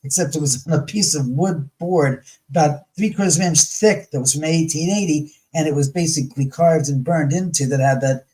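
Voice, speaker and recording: A man with a somewhat high voice talks in a blunt, salty way, mixing in curses. He gets animated and mimics what other people say. He sounds middle-aged, speaking over a video call. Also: brisk, few pauses, rough recording. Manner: blunt, profane and animated, acting out quoted voices. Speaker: guest. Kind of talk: casual chat.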